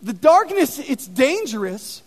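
Very high-voiced preacher man. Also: a little slow. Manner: animated, conversational storytelling with many fillers. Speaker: pastor. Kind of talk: sermon. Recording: long reverb of a large hall.

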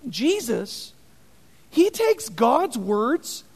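A man preaching an animated sermon, telling stories with dramatic emphasis. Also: very high-pitched, drawn-out words, husky. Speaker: pastor. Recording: long reverb in a hall.

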